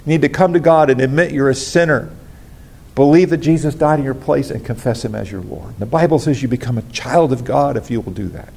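A man's voice: mid-range voice, a little fast, gravelly, a little mellow, breathy edge. A man pastor preaching a sermon, earnest and preacherly, addressing the congregation directly.

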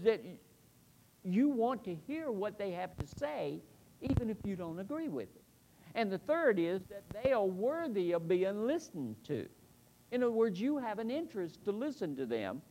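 A middle-aged man preaching a sermon in an earnest, emphatic way, slowing down to stress key points. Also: sits high, darkish tone. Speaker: pastor.

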